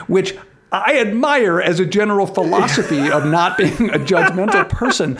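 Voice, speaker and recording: A man's voice: sits high, expressive, moderate pace, fairly bright tone. A man co-hosting a casual podcast, talking animatedly with laughing asides and frequent restarts. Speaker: podcast co-host.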